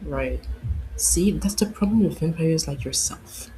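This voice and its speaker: A woman voicing an older female vampire in a game, cold and scornful, speaking in a measured way over game music. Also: low voice, background noise.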